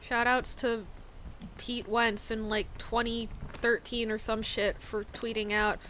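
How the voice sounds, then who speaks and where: Young female streamer, rambling jokey chatter while playing; bright, slightly high voice, faint hiss behind. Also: flat delivery, slow. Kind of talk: casual gameplay chat.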